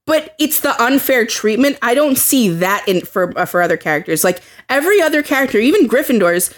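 A woman's voice: a little high, sing-song, fairly quick. Heated young woman podcaster, swears freely. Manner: heated, swearing, acts out quotes. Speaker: podcast co-host. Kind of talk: casual chat.

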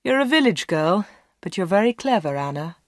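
A woman voicing a secretive, smooth-talking male shopkeeper in a storybook reading, persuasive and insistent. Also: on the low side, sing-song, fairly quick, no room sound, clean studio sound. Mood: coaxing.

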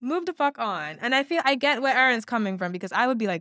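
A woman's voice: fairly high pitch, fast talker, hardly any pauses, no echo. Chatty woman cohost, laughing and cursing a lot, super dry mic. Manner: animated, laughs often, swears casually. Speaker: podcast co-host. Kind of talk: casual chat recapping reality TV.

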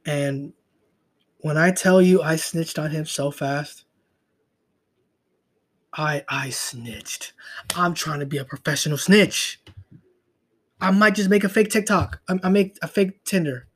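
A man's voice: a little high, slow pace, long pauses. A young man hosting a solo podcast, talking in a profane, rambling way and trailing off into mutters. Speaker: podcast host. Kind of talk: casual solo podcast rant.

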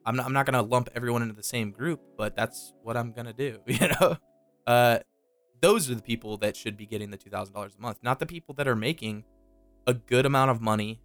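A man's voice: mid-range voice, fast, fairly bright tone. A young man chats loosely on a podcast, swearing often as he spins his story. A faint bed of music plays beneath his voice. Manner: loose storytelling with frequent profanity. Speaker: podcast co-host. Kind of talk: casual chat.

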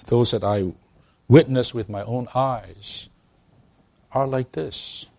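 A man's voice: medium pitch, slow, creaky, mellow. Stammering, emphatic male preacher. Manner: addresses the congregation directly with rhetorical questions. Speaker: pastor. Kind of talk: sermon.

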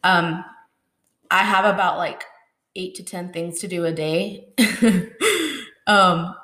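A young woman hosts her own podcast from home, talking in a bubbly, rambling way with plenty of ums and likes. Her voice is bright and forward. The room adds a noticeable echo. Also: lowish voice, steady tone, slow pace. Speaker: podcast host. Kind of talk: casual solo podcast chat. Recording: roomy echo.

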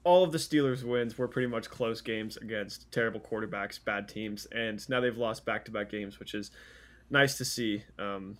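A man's voice: lowish voice, moderate pace. A man co-hosting a sports podcast, talking casually with many fillers and restarts. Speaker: podcast co-host.

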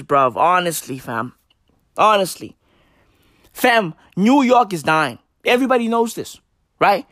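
High-voiced man ranting. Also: a bit bright, dry recording, clean studio sound. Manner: repetitive, emphatic, slangy, swearing. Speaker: comedic commentator. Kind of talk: profane comedic rant.

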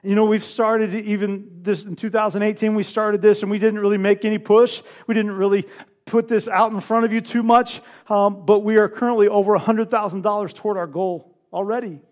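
High-voiced man preaching a sermon. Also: steady tone, fairly quick. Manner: impassioned preaching, swings from loud to hushed. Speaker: pastor.

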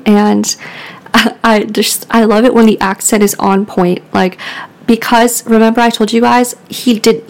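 Woman, podcast host, casual storytelling, rambling, lots of filler words, giggly, mid pitch. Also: poor audio. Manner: rambling, filler-heavy with frequent "like"; giggly, laughs often.

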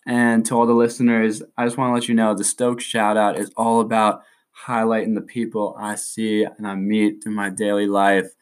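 A man's voice: on the low side, flat delivery, moderate pace, hardly any pauses, clear, resonant tone. A young man hosting a casual solo podcast, rambling in hyped surfer slang. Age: young adult. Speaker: podcast host.

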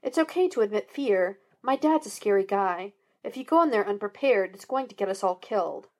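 A woman's voice: fairly quick, natural voice. A woman doing a jumpy wisecracking young detective. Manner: excitable, wisecracking, jumps up in pitch. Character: restless joking young male private detective.

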